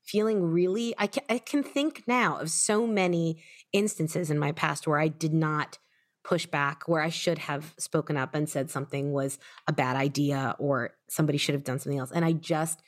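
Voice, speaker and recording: Lower-pitched woman hosting, chatty. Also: moderate pace. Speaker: podcast host and author. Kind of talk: casual conversation.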